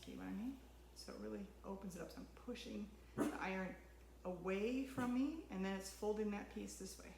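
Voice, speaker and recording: This woman talks a little fast in a mid-range voice with vocal fry, the sound reverberant and backed by noise. She hosts a sewing channel and is doing a casual at-home tutorial, chatting to her dog as she sews.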